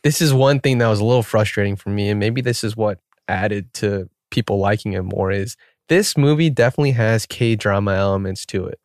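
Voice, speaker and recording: Animated male podcast co-host. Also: on the low side, brisk, dry recording, studio quality. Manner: animated storyteller, acts out scenes. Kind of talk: casual film-discussion chat.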